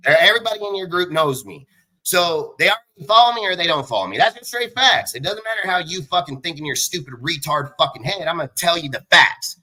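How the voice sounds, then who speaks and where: A man's voice: fairly high pitch, bright, forceful tone. Fiery, profane man in his forties. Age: 40s. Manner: combative, swearing, blunt, boastful; rapid bursts of speech. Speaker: live show host. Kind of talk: profane angry rant on a livestream.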